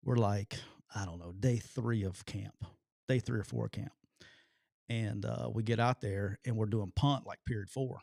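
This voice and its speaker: A man, a podcast co-host and former football coach, telling a story in casual chat, acting out quotes loudly and laughing often. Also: lowish voice, normal speed, gravelly, dry recording, clean studio sound.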